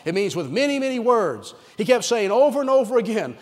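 Male pastor, emphatic storytelling sermon, high voice, echoing church hall. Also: big pitch swings, fairly quick, few pauses, a little mellow. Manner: emphatic, dramatic retelling. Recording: reverberant hall sound.

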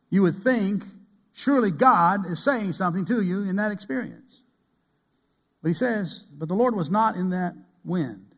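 Preaching man swinging loud to hushed. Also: fairly high pitch. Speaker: pastor. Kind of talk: sermon. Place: church pulpit.

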